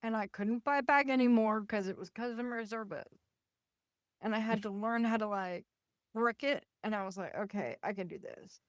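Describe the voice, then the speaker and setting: Woman podcast host, animated storyteller, fairly high voice, dry close mic. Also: normal speed, smooth, dry recording. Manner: animated, acts out quoted voices. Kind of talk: casual storytelling.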